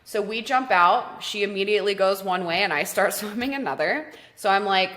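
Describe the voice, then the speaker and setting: A woman co-hosting a podcast, telling a story in casual chat, animated and swearing freely. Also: medium pitch, fairly quick, few pauses. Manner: animated, swears freely, acts out quoted voices. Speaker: podcast co-host.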